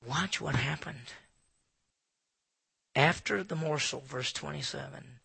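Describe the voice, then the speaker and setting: A man preaching an expository sermon in an animated way, acting out asides in hushed voices. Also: medium pitch, unhurried, creaky, pauses often, husky, no echo. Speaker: pastor.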